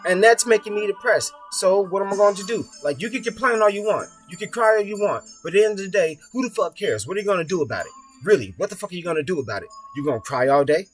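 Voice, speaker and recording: A man's voice: sits high, animated, fast. A young man giving a blunt, profane, rambling motivational talk as the host of his own videos. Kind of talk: casual motivational monologue. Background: soft music playing.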